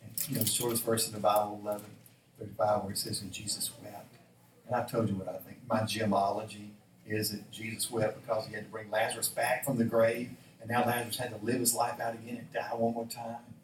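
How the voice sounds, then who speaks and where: A man's voice: fairly low pitch, fairly quick, recorded from a distance, slight background noise. A man preaching a sermon, acting out the lines of the figures in the story with changing voices. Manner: animated, acts out dialogue in changing voices. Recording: roomy echo, voice from off-mic.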